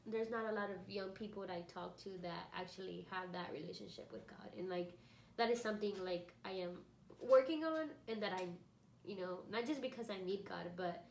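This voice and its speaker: A woman hosting a podcast, chatting casually with many fillers and agreeing warmly. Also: medium pitch, fairly quick, creaky. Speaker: podcast host. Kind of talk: casual conversation. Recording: echoey room with faint background noise.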